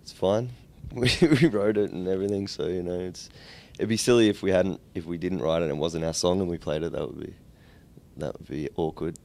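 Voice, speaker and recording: A man's voice: sits low, fairly even intonation, brisk, creaky, warm tone. An Australian man in a band, answering interview questions with dry, rambling jokes. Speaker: band member. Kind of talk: casual interview.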